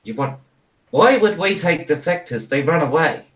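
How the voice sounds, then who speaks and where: Brash, dismissive kangaroo monarch played by the game master for a tabletop game, gruff bragging voice in a shaky Aussie put-on. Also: male voice, fairly high pitch, animated, normal speed, a bit bright, far from the mic, rough recording. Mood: boastful. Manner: gruff bragging put-on Australian accent that slips. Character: cocky male kangaroo king, boastful and dismissive.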